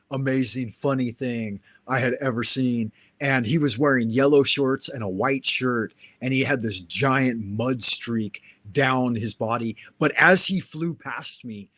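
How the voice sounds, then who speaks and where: On a live stream, a male host with a mid-range voice tells a casual, profane story about a fight, performing the lines of everyone involved. There's no echo, and his telling is lively and full of acted-out quotes.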